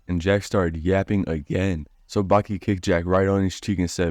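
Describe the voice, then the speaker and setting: A man's voice: low-pitched, steady tone, fairly quick, hardly any pauses, a little mellow, dry recording, clean studio sound. A man recapping an anime fight in a casual, profane, joking way, as the host of his own channel. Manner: crude, joking, profane storytelling. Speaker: anime commentary YouTuber.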